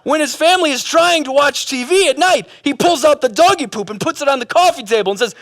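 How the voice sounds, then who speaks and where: A male pastor preaching a sermon, telling a comic parable in an animated, casual way with bits of slang. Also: very high-pitched, fast, few pauses, no room sound.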